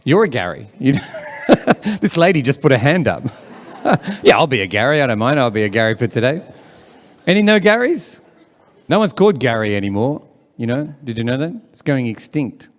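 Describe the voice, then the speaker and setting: A man's voice: mid-range voice, big pitch swings, moderate pace, big-room sound. A man hosting an event as a comedian, chatty and teasing the crowd live. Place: live event room with audience.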